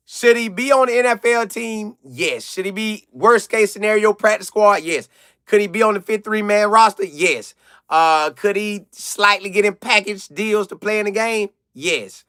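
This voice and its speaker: A young man chats with his live audience in a high, bright voice. He is animated and excitable, hammering his points home by repeating them. The sound is dry and close to the mic. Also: moderate pace, clean tone, no echo. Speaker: live-stream host answering chat. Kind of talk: casual live chat commentary.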